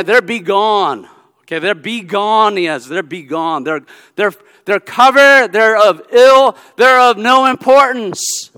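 Man, pastor, sermon, high bright voice, clear, repeats himself, long hall reverb. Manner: animated preaching, repeats phrases with "okay?".

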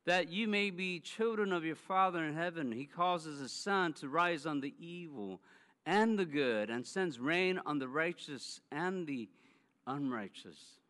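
Bright high-voiced male pastor in a hall. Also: expressive, a little slow. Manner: emphatic storytelling that acts out quoted speech. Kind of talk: sermon. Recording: long hall reverb.

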